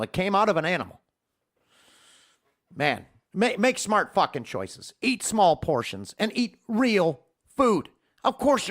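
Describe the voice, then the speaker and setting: Heated, profane high-voiced man ranting. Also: a bit bright. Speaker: podcast host. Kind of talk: ranting podcast monologue. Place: home podcast studio.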